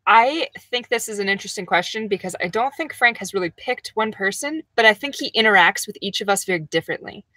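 A woman's voice: medium pitch, animated, quick pace, hardly any pauses, sharp tone, dry recording. Chatty young woman, livestream host, reads comments, dry close sound. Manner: chatty and giggly, reads viewer comments aloud. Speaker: vlogger hosting a livestream. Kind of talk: casual livestream chat. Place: camper van.

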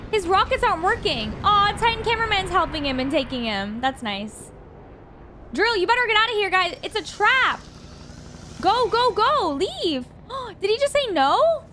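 Very high-pitched excitable woman reacting. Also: slight background noise. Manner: excitable, gasps often, talks to viewers. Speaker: reaction video host. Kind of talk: reacting to an animated video.

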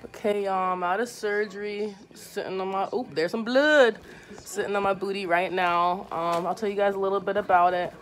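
In a casual handheld vlog, a young adult woman speaks at normal speed with a mid-range voice and a steady tone. She talks candidly into her phone camera, rambling and swearing freely.

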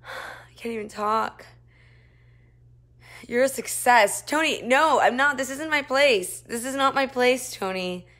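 A young woman live-streaming from her shared apartment on a phone, feeling nauseous, chatting with viewers and drifting between loud outbursts and tired murmurs. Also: on the high side, measured pace. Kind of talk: casual live-stream chat reading comments.

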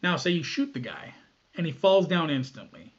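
A man giving a casual, blunt talk on armed self-defense, swearing freely and acting out shouted commands. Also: on the high side, sing-song, normal speed, slightly rough. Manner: blunt, profane, acts out scenarios with shouted commands. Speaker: firearms self-defense instructor. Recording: dull lo-fi recording.

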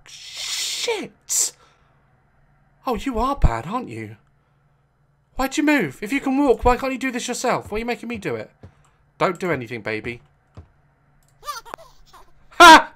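A young woman on a headset, giving casual gaming commentary with crude jokes, giggles and loud exclamations. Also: mid-range voice, slight background noise. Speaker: gaming video creator.

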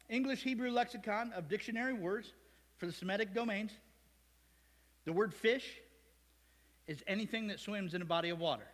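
A male pastor from Ohio preaching a sermon in a church, lively and conversational, with asides to the congregation. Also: sits high, long reverb tail. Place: church sanctuary.

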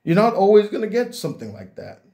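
A man's voice: high-pitched, sing-song, quick pace, warm tone. A young man, a YouTube critic, talking earnestly and reflectively to his viewers, often repeating words as he gathers his thoughts. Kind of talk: heartfelt talk to camera.

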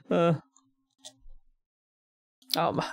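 American male reactor, slightly high gravelly voice, rambling musing commentary. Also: fairly even intonation, drawn-out words. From United States. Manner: musing aloud, chuckling often, thinking out loud with fillers. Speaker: reaction video host.

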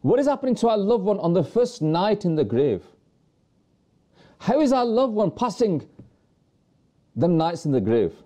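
A man's voice: high-pitched, very animated, moderate pace, long pauses, dark tone. A man presenting a religious talk to viewers, earnestly preaching with rhetorical questions and repeated phrases.

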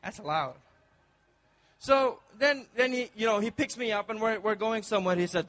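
A man's voice: high-pitched, moderate pace, a bit bright. A man from Dubai performing a stand-up comedy set with punchy, playful crowd work on a club stage.

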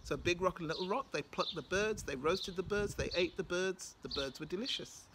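A British woman with a slightly low voice tells a folktale at an ordinary pace, leaning on rhythmic, dramatic repetition. She is a storyteller in oral folktale mode, and background noise sits under her voice.

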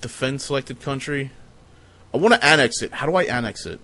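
A man streaming a strategy game, giving casual, profane, sardonic commentary as he thinks out loud. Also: medium pitch, lively intonation, brisk.

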